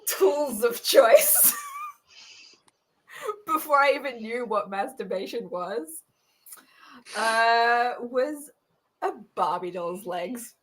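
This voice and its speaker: A woman's voice: on the high side, lively intonation, takes it slowly, pauses often, fairly bright tone. An American woman in her thirties hosting a casual chat, giggly and rambling, often self-conscious. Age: 30s. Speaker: podcast host.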